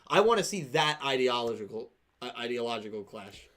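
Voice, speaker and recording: A young man hosting a casual livestream podcast, excitable and quick to laugh. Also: medium pitch. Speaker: podcast host.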